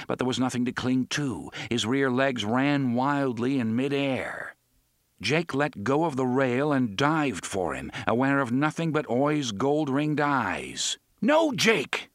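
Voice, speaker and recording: A man narrating an audiobook in a measured, dramatic storytelling manner. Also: mid-range voice, fairly bright tone, no echo, clean studio sound.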